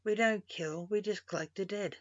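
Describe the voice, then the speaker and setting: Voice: medium pitch, normal speed, no room sound, natural voice. A storyteller voicing a grumbling old male reaper king who is a grandfather, stern in manner, on a dull lo-fi recording.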